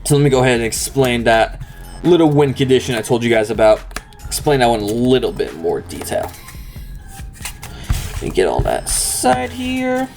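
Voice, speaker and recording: A man's voice: medium pitch, sing-song, normal speed, vocal fry, long pauses, a little mellow, soft background music. A young man hosting a card game channel, chatting casually and explaining a deck step by step in an upbeat, talkative way. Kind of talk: casual deck profile walkthrough.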